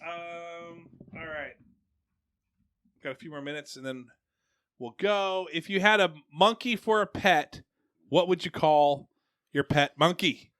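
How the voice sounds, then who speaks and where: A man's voice: fairly high pitch, measured pace, long pauses, a bit bright, smooth. A man co-hosting a casual podcast, joking, laughing often and quizzing his guests. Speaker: podcast co-host. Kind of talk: casual chat. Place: home garage.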